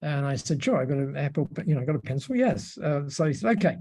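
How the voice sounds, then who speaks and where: Gravelly, mellow-voiced man telling stories. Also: a little high, animated, fast, hardly any pauses. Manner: rambling anecdotes with many restarts and laughs. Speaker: podcast guest. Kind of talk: storytelling in a podcast interview.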